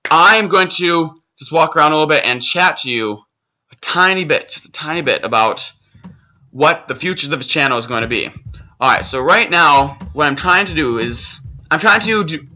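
A young man hosts his gaming channel with goofy, rambling commentary. His voice is very bright and forceful, and he keeps cracking jokes at his own expense. The recording sounds dull and lo-fi. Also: fairly high pitch, a little fast. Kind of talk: gameplay commentary. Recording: dull lo-fi mic.

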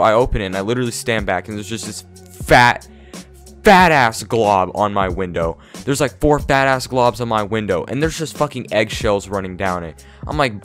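A young man vlogger telling an animated, profane story in casual talk. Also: mid-range voice, normal speed. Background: faint background music.

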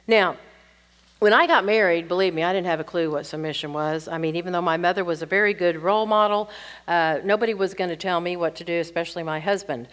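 A middle-aged woman teaching a sermon to women, earnest and explanatory, often checking in with rhetorical questions. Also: mid-range voice.

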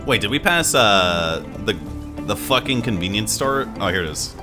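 A man's voice: on the low side, animated, moderate pace, over music. A man streaming a game, chatting casually with his viewers in a joking, profane way. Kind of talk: casual gaming commentary.

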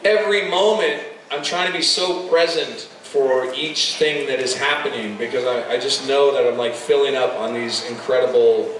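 A man's voice: mid-range voice, normal speed, few pauses. Effusive man talking on a convention panel. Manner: effusive, animated, stammering restarts. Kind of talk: casual panel talk. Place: large convention hall. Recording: echoey hall, far-off mic, crowd noise.

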